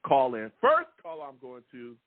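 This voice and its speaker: A man's voice: medium pitch, wildly swooping pitch, a little slow, no room sound, narrow, tinny audio. A man hosting a sports call-in show, ranting in a fired-up, repetitive way. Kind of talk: heated sports call-in talk.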